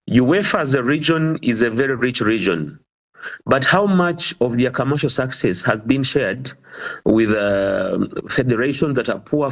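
Man, football official, slow deliberate speech, muffled lo-fi recording. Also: mid-range voice. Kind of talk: interview clip. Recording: dull lo-fi clip.

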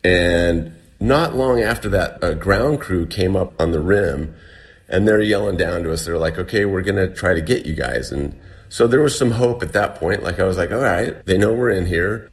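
A man's voice: sits low, expressive, moderate pace. A man casually recounting a story as an interview guest, chatty and full of restarts. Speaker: guest telling a survival story.

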